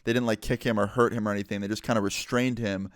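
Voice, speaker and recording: A man's voice: on the low side, steady tone, fast, no echo, clean studio sound. A young man in a vlog, telling a personal story in a casual, filler-heavy way. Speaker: vlogger.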